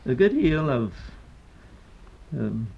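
An older man, a poet, lecturing on meter in a hesitant, deliberate way with many pauses and fillers, on a dull lo-fi archival recording. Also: medium pitch, big pitch swings, gravelly, a little mellow, husky.

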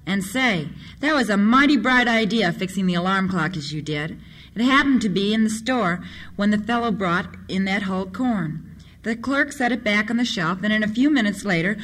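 A booming sheriff with a hearty, folksy way of talking, as the storyteller puts him on. He sounds raised and high, full of cheer. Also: fairly bright tone, close to an everyday voice. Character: big-voiced booming male sheriff.

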